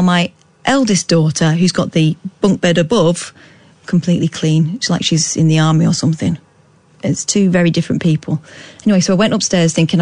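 A woman's voice: lowish voice, darkish tone, no echo. Chatty British woman radio host. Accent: British English. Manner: chatty and jokey, storytelling with playful asides. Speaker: late-night radio phone-in host. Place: radio studio. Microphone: studio microphone.

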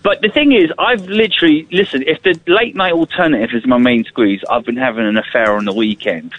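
A man's voice: medium pitch, brisk, lo-fi sound. A man calling in to a radio show, rambling and hesitant as he talks. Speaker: caller. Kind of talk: phone-in chat.

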